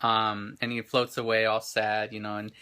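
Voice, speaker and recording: Male vlog host, 30s, very bright tone, excited rambling chatter with restarts, handheld camera indoors. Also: fairly low pitch, normal speed, clear, resonant tone. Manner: rambling and enthusiastic, many restarts and fillers. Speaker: show host. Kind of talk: casual chat.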